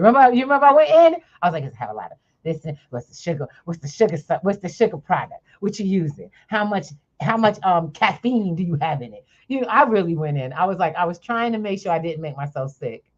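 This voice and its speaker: A woman hosting a podcast, telling a story in a lively, chatty way and laughing often. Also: fairly low pitch, fast, few pauses, highs cut off. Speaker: podcast host. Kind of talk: casual chat, storytelling.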